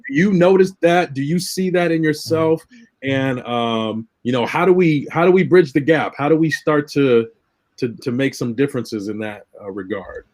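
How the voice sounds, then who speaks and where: A man's voice: mid-range voice, moderate pace, a little mellow. A young adult man moderating a panel discussion, posing questions in a thoughtful, somewhat hesitant way.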